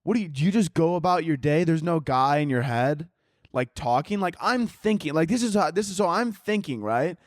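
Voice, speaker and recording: Gripping a handheld mic, a podcast host with a fairly high, expressive voice talks at a moderate pace in a dry, studio-quality recording. His casual solo show drifts through tangents, jokey and profane.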